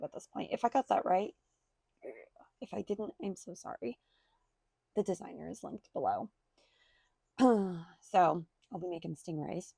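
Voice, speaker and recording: Gravelly low-voiced woman vlogger. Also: dark tone, no echo. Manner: chatty, rambling, self-deprecating. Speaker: crochet maker selling at markets. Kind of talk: casual market recap vlog. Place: at home by her computer.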